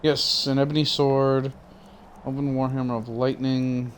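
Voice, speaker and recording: A man's voice: medium pitch, flat delivery, a little slow, a little hiss or hum. A tired young man streaming a game, rambling with lots of fillers and casual swearing. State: yawning, tired. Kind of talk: casual gameplay commentary.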